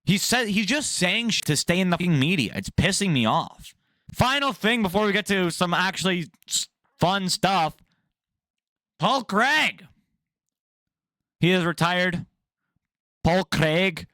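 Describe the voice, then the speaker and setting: Young male MMA news host: casual, profane, opinionated ranting. Voice sits slightly high. Dry, close recording. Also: normal speed, dry recording. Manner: blunt, profane, animated ranting.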